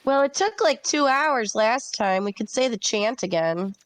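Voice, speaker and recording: A woman's voice: on the high side, animated, measured pace, no echo. A woman playing a tabletop game, making short practical remarks. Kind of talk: casual game chat.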